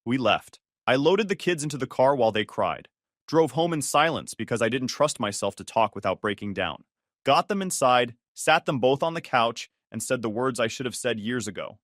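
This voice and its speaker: A man's voice: medium pitch, expressive, moderate pace, a bit bright, dry recording, clean studio sound. A man narrating a first-person family story with a tense, emotionally charged delivery.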